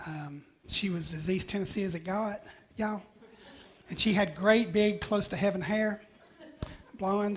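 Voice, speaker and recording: Pastor, sermon, chatty storytelling, light humor, mid-pitched voice. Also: a little hiss or hum.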